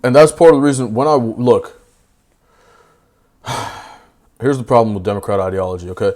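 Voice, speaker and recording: Young male debater, brash and slangy, mid-pitched, heated and blunt. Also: expressive. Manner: brash, profane, slangy, swings loud and fast. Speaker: debate panelist.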